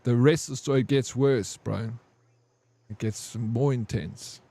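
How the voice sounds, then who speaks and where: A man's voice: mid-range voice, unhurried, warm tone, husky. A man streaming a game, rambling and crude as he tells a long army story to his chat. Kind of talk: casual gaming stream storytelling.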